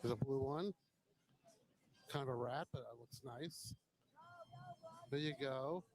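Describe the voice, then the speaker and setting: A man's voice: medium pitch, takes it slowly, a crowd in the background, rough recording. Chatty man touring a bike show. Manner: chatty, admiring, joking. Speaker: host. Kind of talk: casual walkaround commentary.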